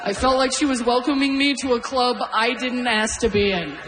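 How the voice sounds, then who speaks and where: A middle-aged woman performs stand-up with a higher voice, laughing through her own stories. She mocks herself freely, with a faint hiss in the background. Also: steady tone, normal speed. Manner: self-deprecating, laughing through her lines. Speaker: stand-up comedian. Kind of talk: stand-up storytelling. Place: stage before a live audience.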